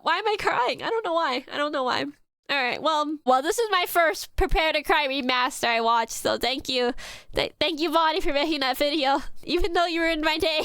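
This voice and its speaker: A woman's voice: high-pitched, fairly bright tone, no room sound, studio quality. A woman streamer reacting to a video in casual chat, emotional, laughing and rambling.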